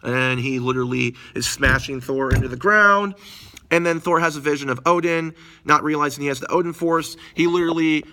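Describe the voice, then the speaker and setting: A man giving a rambling, excited recap of a film, full of slang and asides. His voice is bright and somewhat high for a man. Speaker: movie reviewer. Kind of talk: casual spoiler-filled movie recap.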